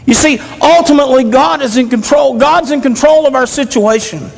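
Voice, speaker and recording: A man's voice: very high voice, normal speed, creaky. A man preaching a sermon in an earnest, repetitive way, asking the congregation question after question. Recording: long reverb of a large hall.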